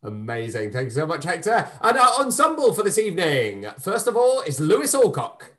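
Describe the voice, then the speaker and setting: A man's voice: fairly high pitch, huge pitch swings, normal speed, bright, forceful tone. A man hosting the wrap-up of a live online show, effusive and upbeat, thanking the performers and introducing the cast over a video call. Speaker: host and director.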